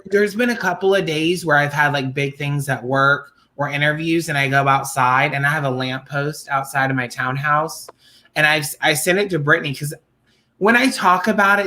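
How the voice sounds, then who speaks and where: Bright-voiced woman telling animated stories. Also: deep voice, moderate pace. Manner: animated storytelling, swearing. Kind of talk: casual chat.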